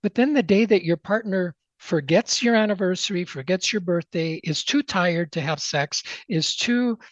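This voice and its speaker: A man speaking as an interview guest, telling a motivational story in an emphatic, animated way. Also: high-pitched, moderate pace, no room sound.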